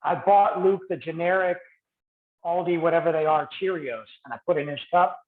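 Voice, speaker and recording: A man co-hosting a podcast, chatting casually with quick asides and frequent laughs. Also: on the high side. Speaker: podcast co-host. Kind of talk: casual chat. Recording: roomy, tinny phone-like sound.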